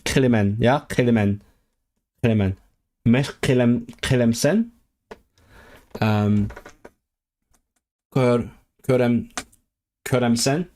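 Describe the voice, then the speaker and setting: A man streaming himself as he studies a language, drilling phrases aloud in a halting, repetitive self-talk. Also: mid-range voice, a little mellow. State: sore throat. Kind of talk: casual livestream study session.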